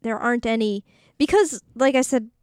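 A woman's voice: a little high, normal speed, a little mellow, no room sound, clean studio sound. A woman co-hosting a podcast in casual chat, reading out listener questions, laughing a lot and filling gaps with "um" and "like.". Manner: giggly, reads out listener questions, many fillers. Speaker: podcast co-host.

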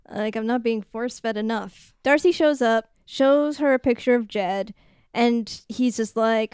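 A woman co-hosting a podcast, casually recapping a film with quick mock voices for its characters. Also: fairly high pitch, clear, resonant tone, no room sound, studio quality. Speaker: podcast co-host. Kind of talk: casual movie recap chat.

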